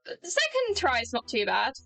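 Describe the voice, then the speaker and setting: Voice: high-pitched, wildly swooping pitch, brisk, gravelly, bright, forceful tone, no echo, faint music behind. A British streamer commentating a video game playthrough, joking with chat and teasing themself. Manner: self-mocking, joking with chat.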